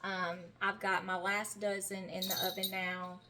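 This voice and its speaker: A woman's voice: medium pitch, monotone, measured pace, background noise. A middle-aged woman with a Southern American accent, chatting in a homey, folksy way as she bakes in her home kitchen. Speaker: home-cooking vlogger. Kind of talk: casual cooking demonstration.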